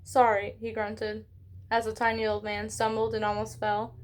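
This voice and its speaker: A woman reading a children's novel aloud in an expressive way, with small slips and self-corrections. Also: mid-range voice, normal speed. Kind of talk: read-along book narration.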